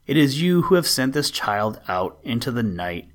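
A man's voice: fairly low pitch, expressive, moderate pace, gravelly. A man reading as a solemn saintly old man. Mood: stern. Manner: gentle, then solemn and commanding. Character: kind but stern old male saint.

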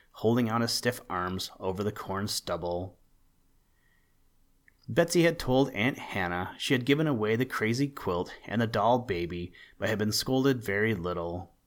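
A man narrating a storybook in a measured, expressive reading. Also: lowish voice.

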